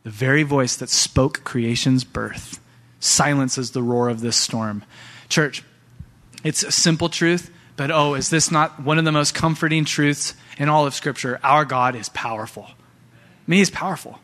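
A pastor, a father of young sons, preaching a sermon in an animated way and often addressing the church directly. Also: fairly high pitch, normal speed. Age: young adult to middle-aged, father of young sons.

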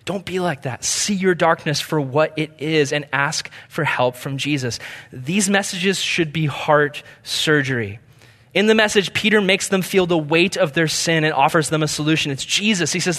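A man delivers a sermon with earnest conviction, pushing hard on one point and sinking to a near hush on the next. His voice sits a little above the usual male range. A long reverb carries through the large hall around him. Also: a little high, normal speed. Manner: earnest, swings from emphatic to hushed. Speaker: pastor.

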